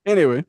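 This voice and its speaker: A man co-hosting a casual podcast, telling a story with lively acted-out quotes and frequent laughter. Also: a little hiss or hum. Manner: animated storyteller acting out quotes, laughing often. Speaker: podcast co-host.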